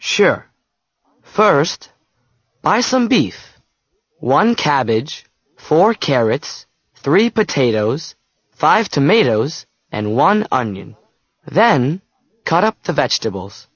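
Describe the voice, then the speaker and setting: A man reading his part of a scripted textbook dialogue, explaining steps in a clear, instructive way. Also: a little high, very animated, slow pace, long pauses, no room sound. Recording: slightly dull dry studio sound.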